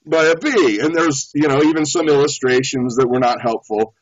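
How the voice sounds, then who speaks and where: A man's voice: mid-range voice, moderate pace, no room sound. A man guesting on a show, telling a story in a casual, laughing way. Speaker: beekeeper guest. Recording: dull lo-fi audio.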